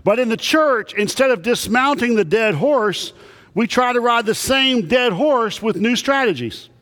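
A man's voice: extremely high pitch, expressive, a little slow, a bit bright. A man preaching a sermon to a congregation, telling folksy, humorous stories. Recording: long reverb of a big hall.

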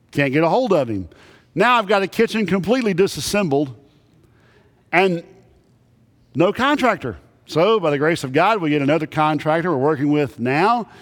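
High-voiced preacher in a big hall. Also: male voice. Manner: folksy storytelling with humor. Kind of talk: sermon. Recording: long reverb of a big hall.

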